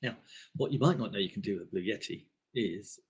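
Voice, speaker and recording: A man's voice: fairly low pitch, quick pace, breathy edge. A man hosting a casual live stream, rambling through products with lots of fillers into a desk microphone. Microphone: desk microphone on a table stand.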